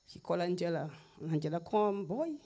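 A middle-aged woman from Dominica with a Dominican Creole English accent, giving an animated personal testimony, acting out quoted voices and laughing often. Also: on the low side, fairly quick. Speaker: testifying guest.

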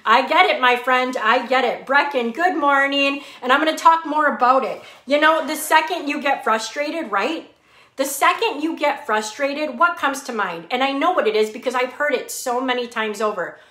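A woman's voice: sits high, normal speed, sharp tone. A woman hosting a casual live fitness chat, greeting viewers by name and laughing often. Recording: echoey room.

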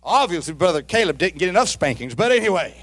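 High-pitched preacher man shouting exhortations. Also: big pitch swings, fast. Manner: emphatic preaching, swings from low asides to shouted exhortation; folksy humor and repeated rhetorical questions. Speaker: pastor. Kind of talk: sermon.

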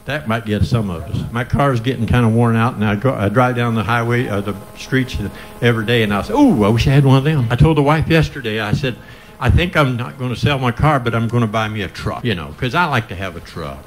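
A man's voice: mid-range voice, brisk, slight background noise. An older man with a Midwestern American accent preaching a folksy revival sermon in church, breaking into cries of praise. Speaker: pastor. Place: church sanctuary.

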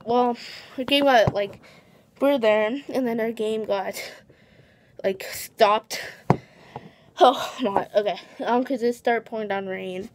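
A woman's voice: a little high, slow, pauses often, noisy background. A teenage girl chatting casually to her vlog camera, tired, rambling and restarting her sentences with giggles. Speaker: vlogger.

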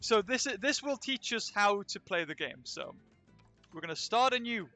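Young dude streaming at a convention, rambly and jokey, high voice, faint music behind. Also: male voice, lively intonation, moderate pace, pushed and bright. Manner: rambling, joking, chatty. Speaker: game streamer. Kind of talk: casual live-stream chat. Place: convention venue.

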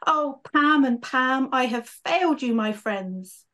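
A woman's voice: sits high, expressive, slow, bright, forceful tone, pitched above the performer's own voice, full character voice. A woman voicing a boastful, melodramatic young woman guardian of a castle, reading aloud from a storybook. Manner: overacted dying gasps.

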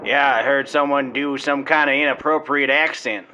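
A man's voice: medium pitch, fairly even intonation, normal speed, pushed and bright, a little hiss or hum. A young man improvising a wisecracking comedy dub over an old film. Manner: wisecracking, sarcastic. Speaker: comedy dubber.

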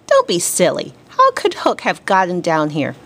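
A woman voicing a brave, stubborn boy who never grows up, crying out excitedly in a read-aloud storybook. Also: normal speed, creaky, full character voice. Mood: urgent. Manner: excited, high-pitched cries.

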